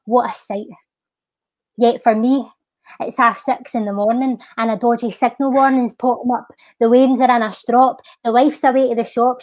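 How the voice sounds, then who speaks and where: On a podcast, a Scottish woman appearing as a charity guest recites her own spoken-word poem slowly and with measure, chatting between lines with soft "eh" fillers. Her voice is on the high side, and the recording is dry and muffled.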